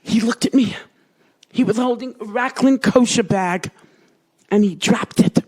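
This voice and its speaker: A woman recounts a personal ordeal as testimony, with a husky, gravelly voice. She speaks slowly and dramatically, rising into cries and sinking to whispers. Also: a little high, darkish tone. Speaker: storyteller recounting a hospital ordeal.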